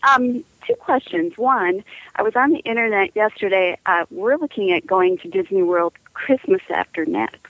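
A woman's voice: medium pitch, expressive, normal speed, dry recording, narrow, tinny audio. A woman from Illinois calling into a live show, chatty and friendly as she asks her questions. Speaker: caller. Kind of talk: phone call into a show.

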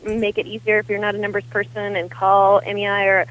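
A caller on a call-in podcast, asking eager, rapid questions. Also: mid-range voice, completely flat delivery, fairly bright tone, dull audio, slight background noise. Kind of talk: phone call-in chat.

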